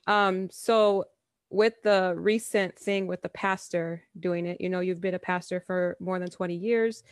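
Female co-host, earnest and firm, lowish even delivery. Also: measured pace, no room sound, studio quality. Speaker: podcast co-host. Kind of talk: casual podcast talk.

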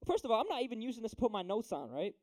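A young man preaches to a room of teens in an easy, slangy way, keeping up a steady stream of "right?" and "dude." His voice sits high but sounds mellow and warm. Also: racing. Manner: slangy, chatty, asks "right?" often. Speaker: youth preacher. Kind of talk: casual youth sermon.

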